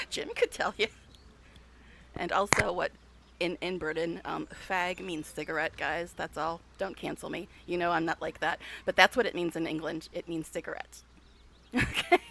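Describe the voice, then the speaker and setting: Woman streamer, bright, gravelly voice, chatty and laughing, talks to chat. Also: on the low side, steady tone, moderate pace, slight background noise. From United States. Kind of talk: casual chat while live-streaming a game.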